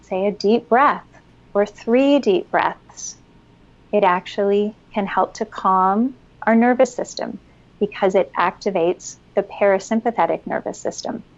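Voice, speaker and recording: A woman giving expert parenting advice as a podcast guest, calm and instructive, at times guiding a breathing exercise. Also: medium pitch, unhurried, lo-fi sound. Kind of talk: explanatory interview talk.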